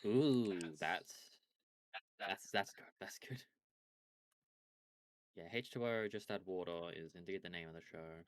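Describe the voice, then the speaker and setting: A man with a very deep voice talks through a game stream in an easygoing way, trailing into small restarts as he explains. The mic is close and the sound completely dry. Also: steady tone, unhurried, pauses often, clean tone, no echo. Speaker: streamer co-host. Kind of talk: casual chat while gaming.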